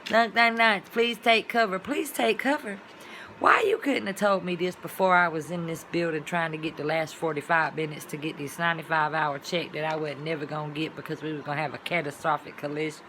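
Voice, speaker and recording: A woman's voice: deep voice, steady tone, fast talker, hardly any pauses, fairly bright tone, slight background noise. A woman vlogger talking in a casual, rambling monologue, with colloquial, folksy phrasing and sound-effect words.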